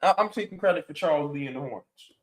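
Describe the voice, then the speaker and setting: A man's voice: a little high, fast, roomy sound, low-quality recording. A man co-hosting a sports podcast, telling stories with playful exaggeration in casual chat. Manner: animated storytelling, playful exaggeration. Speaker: podcast co-host.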